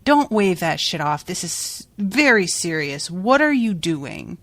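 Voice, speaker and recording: A woman's voice: lowish voice, big pitch swings, unhurried, fairly bright tone, no echo, full character voice. A woman voicing an irritated male emperor who talks bluntly and casually.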